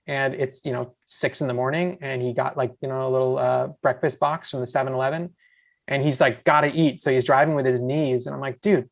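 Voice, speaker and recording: A man, a podcast guest, telling enthusiastic, rambling stories full of asides in casual chat. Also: a little high. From USA. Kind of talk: casual storytelling.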